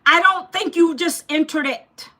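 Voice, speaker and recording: A woman in her fifties hosts a live stream with a high, bright voice. She talks loudly, close to yelling. She addresses viewers in the chat head-on and scolds them bluntly. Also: a little slow. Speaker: livestream host selling an online program.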